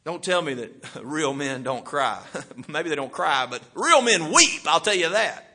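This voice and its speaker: A middle-aged man preaching with a high, bright, forceful voice. He swings between loud bursts and quiet, hushed asides throughout his sermon. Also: big pitch swings, measured pace.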